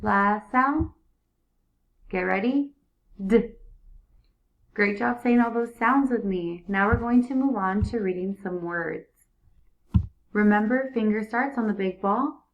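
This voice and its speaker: Woman, early reading teacher, slow and clear repetitive prompting, dull lo-fi sound. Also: mid-range voice. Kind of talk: early reading lesson for young students.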